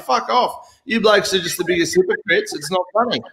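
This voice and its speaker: A man's voice: high-pitched, fairly quick, few pauses, bright, forceful tone, poor audio. An Australian man hosting a casual political chat, blunt and swearing freely, mocking his opponents. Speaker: host.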